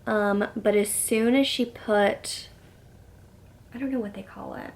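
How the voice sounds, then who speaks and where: A woman's voice: medium pitch, steady tone, unhurried, gravelly. A young woman vlogger casually telling a personal story to camera, chatty and filling her talk with "like", sometimes dropping to a whisper when quoting herself. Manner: chatty, says "like" often, quotes herself in soft whispers.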